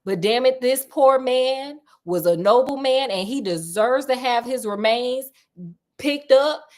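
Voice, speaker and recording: Slangy male detective, blunt and exasperated, told by a woman in her own voice, fairly high. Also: measured pace, a little mellow. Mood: troubled.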